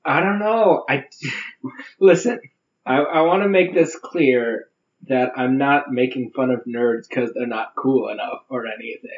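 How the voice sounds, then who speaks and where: A man's voice: medium pitch, a little slow, lo-fi sound. Rambling, joking male podcast co-host. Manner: rambling, many "like" and "uh" asides, joking. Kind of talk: casual comedic chat.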